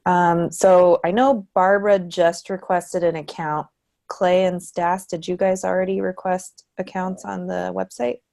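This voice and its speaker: A woman giving a relaxed online tutorial presentation, with frequent ums. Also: lowish voice, a little slow, creaky. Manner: relaxed, many ums, light laughs. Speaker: presenter for a research committee.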